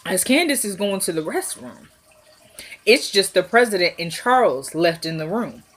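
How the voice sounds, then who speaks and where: A woman's voice: mid-range voice, very animated, normal speed, a bit bright. Woman, casual recap vlog, sniffly, chatty, acts out lines, talks to camera. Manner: chatty, laughs often, acts out quotes. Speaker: TV episode recapper.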